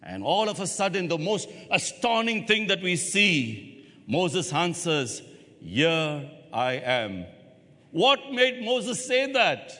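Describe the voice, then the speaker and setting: A man preaching a sermon as pastor, with dramatic pauses and rhetorical questions put to the congregation. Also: high voice, very animated, bright, forceful tone. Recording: long hall reverb.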